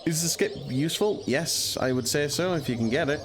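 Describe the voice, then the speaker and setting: A man's voice: a little high, fairly quick. A young man giving casual, rambling gameplay commentary, with frequent ums and uhs. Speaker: speedrunner streamer. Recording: voice over game music.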